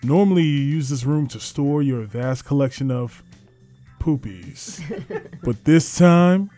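A man co-hosting a comedy radio show, reading a silly fill-in story in a jokey, halting way. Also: medium pitch, lively intonation, mellow, faint music behind. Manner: jokey, reads haltingly with laughs. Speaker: radio co-host.

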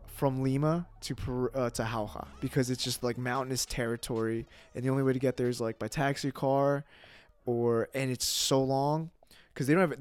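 A man's voice: medium pitch, clear, resonant tone. Man telling a story casually. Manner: animated, swears freely, filler-heavy. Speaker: podcast guest.

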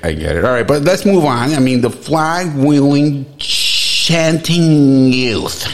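Excitable heckling man, lively pitch. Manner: excitable, loud exclamations, heckling. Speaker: comedy video host. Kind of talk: mocking comedic commentary.

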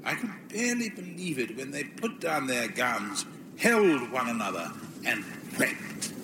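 A man's voice: medium pitch, very animated, measured pace, long reverb tail, background noise. An actor playing a pompous, self-important male scholar who makes grandiose speeches in a sitcom. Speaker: visiting academic speaker. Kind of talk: sitcom acting.

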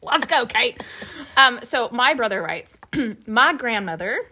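Lively, bright-voiced woman podcast co-host. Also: fairly high pitch, slow pace, husky. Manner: animated storytelling, laughing often. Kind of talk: casual chat, reading listener stories aloud.

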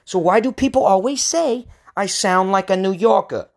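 A man's voice: sits high, normal speed. Man, thirties, from the West Coast, podcast host, comic rant, crude and rambling. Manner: ranting, rambling, crude jokes. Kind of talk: comedic monologue.

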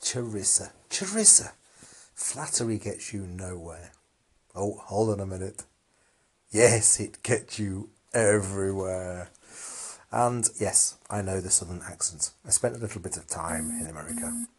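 A man hosts a casual call-in chat, encouraging and playful with the callers. His voice is low and a bit husky. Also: very animated, moderate pace, a little mellow.

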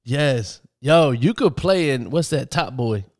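A man's voice: mid-range voice, expressive, slow pace. A man co-hosting a casual podcast chat, trading laid-back, laughing banter. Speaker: podcast co-host.

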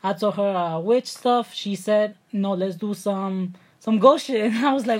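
A woman's voice: medium pitch, normal speed. Laughing, foul-mouthed New York woman. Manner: laughs often, swears freely, addresses listeners as guys. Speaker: podcast co-host. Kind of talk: casual chat.

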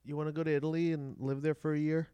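A man's voice: on the high side, level tone, fast, clear, resonant tone, no echo, highs cut off. A man chatting casually on a podcast, telling eager stories and laughing along. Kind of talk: casual chat.

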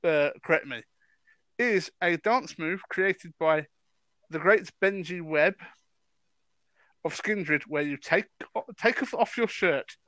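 A man with a high, smooth voice co-hosts a casual podcast, stopping the chat to explain things to listeners. His voice sounds close and dry. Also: slow pace, pauses often, bright, forceful tone, no echo. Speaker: podcast co-host.

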